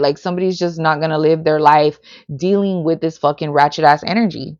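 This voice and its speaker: A woman's voice: low voice, fairly even intonation, fairly quick, a little mellow, lo-fi sound. A woman reading tarot on a livestream, blunt and heavily profane, filling her talk with "like". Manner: profane and blunt, heavy "like" and "bitch" fillers. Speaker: tarot reader.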